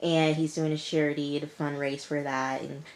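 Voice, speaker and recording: Here a woman with a low voice and flat delivery talks at normal speed, giving a casual rundown of a reality show. Her commentary is emphatic and repetitive, full of "like" and "okay," while sirens sound outside her indoor spot.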